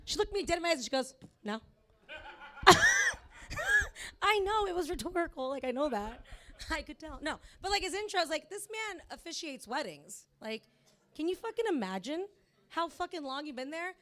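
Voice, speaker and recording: High, lively chatty comedienne. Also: female voice, a little fast. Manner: chatty, with lots of "like" and cursing. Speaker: stand-up comedian. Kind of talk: stand-up set. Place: comedy club stage.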